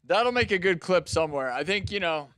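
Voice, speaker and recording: A man's voice: high voice, expressive, brisk, fairly bright tone, clear, resonant tone, no room sound. A man hosting a music livestream in casual chat, laid-back and calling his viewers dudes and bro, his throat a little strained from screaming. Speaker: livestream host and improv musician.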